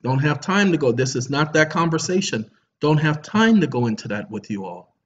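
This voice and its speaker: A man's voice: on the high side, very animated, normal speed, dull audio. A man giving a preachy, lecturing monologue to his viewers, repeating himself and apologizing sarcastically. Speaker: online commentator.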